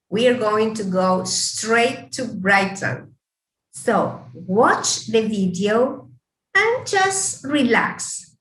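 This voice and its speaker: Argentine woman English teacher, Spanish native, unhurried drilling, higher-pitched voice, echoey room with distant mic. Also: fairly bright tone. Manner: slow, deliberate teacher's drilling. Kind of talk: online language lesson.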